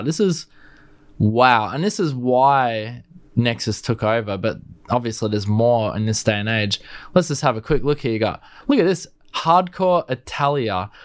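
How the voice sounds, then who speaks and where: A man's voice: medium pitch, no echo. Chatty Australian man with a blocked nose. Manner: chatty, rambling, restarts mid-word. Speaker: music software reviewer. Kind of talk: casual plugin review.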